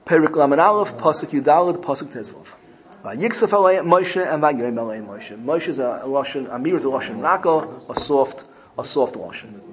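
A man teaching a Torah class, weaving Hebrew terms into his English and slowing down to quote each verse. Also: a little high, rough recording.

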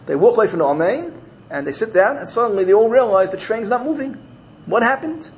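A man's voice: sits high, fast, a little hiss or hum, low-quality recording. Man telling a parable in a sermon. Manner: animated storyteller, repeating key phrases. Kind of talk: sermon built on told parables.

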